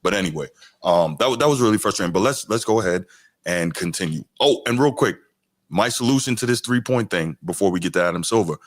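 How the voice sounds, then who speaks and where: A man's voice: low voice, quick pace, dry recording. A podcast host talking casually to his chat, reacting to a clip and getting worked up and exasperated as he argues his point. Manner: animated and exasperated, voice rising sharply when ranting.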